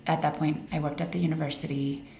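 A woman in her forties from Colorado tells personal stories in a casual, animated way. Her voice is lowish with plenty of gravel. The room is echoey with a faint hiss behind. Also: quick pace. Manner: animated, laughs through stories. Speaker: guest. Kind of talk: casual storytelling interview. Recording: roomy echo, faint hiss.

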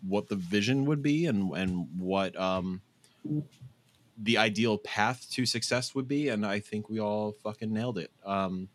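A young man co-hosting a casual podcast, speaking in a heartfelt, rambling way and swearing freely. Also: on the low side. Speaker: podcast co-host. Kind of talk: casual chat.

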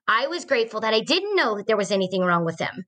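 A woman's voice: mid-range voice, sing-song, fast, fairly bright tone. A woman in her forties, a podcast host, earnestly telling a personal story in a conversational way, with fillers and restarts.

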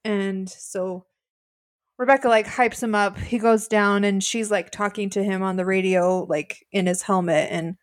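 A woman's voice: medium pitch, unhurried. A woman co-hosting a podcast, casually chatting about a reality show episode and laughing along. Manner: relaxed, agreeable, laughs along. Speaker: podcast co-host. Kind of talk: casual recap chat.

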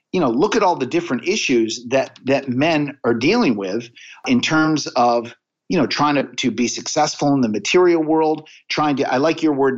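Guy on a podcast telling stories, earnest, keeps restarting sentences, kinda dull lo-fi audio, middle pitch. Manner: earnest, anecdotal, often restarts phrases. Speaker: podcast guest, sales coach. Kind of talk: conversational interview storytelling.

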